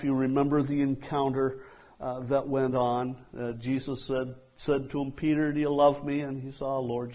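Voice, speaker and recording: A man preaching a sermon, slow and deliberate, acting out quoted dialogue and letting lines trail off softly. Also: medium pitch, rough recording.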